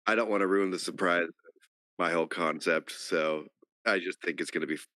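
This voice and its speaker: A man's voice: deep voice, steady tone, a little fast, bright, forceful tone, no room sound, studio quality. A man organizing a tabletop game group, chatting in an upbeat, easygoing way. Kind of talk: casual chat between players.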